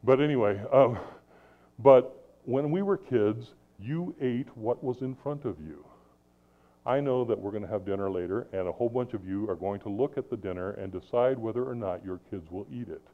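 With a lowish voice and normal speed, a middle-aged preacher moves between forceful emphasis and soft asides in his sermon. The sound is thin and narrow, as if over a phone line.

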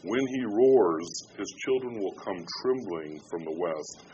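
A man with a fairly low voice preaches a sermon, talking with his congregation like in conversation. He swings from hushed, slow lines to loud ones, and it comes through a dull, lo-fi recording with a faint hiss behind it. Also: expressive. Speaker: pastor.

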